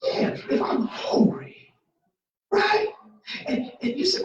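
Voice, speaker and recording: A Bible study teacher preaching in a passionate, folksy way with homey everyday examples, talking faster and cutting in when fired up. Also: very high-pitched, lively intonation. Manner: speeds up and cuts in when passionate. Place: church. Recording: very echoey church room, mic far off, dull sound.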